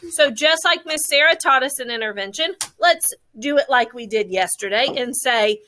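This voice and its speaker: A woman teaching a phonics lesson to a class of young children, slowly stretching out the sounds of words. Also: high voice, lively intonation, pushed and bright.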